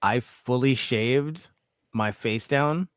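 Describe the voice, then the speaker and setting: Laid back guy chatting on a stream, smooth clean voice, dry sound. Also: medium pitch, slow pace, no echo. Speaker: podcast co-host. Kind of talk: casual livestream chat.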